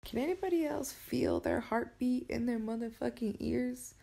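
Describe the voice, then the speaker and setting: A woman's voice: on the high side, animated, moderate pace, gravelly, dark tone. A woman in her twenties telling a rambling, profanity-laced story into her phone at night in her bedroom. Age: 20s. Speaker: vlogger. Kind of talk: late-night phone rant.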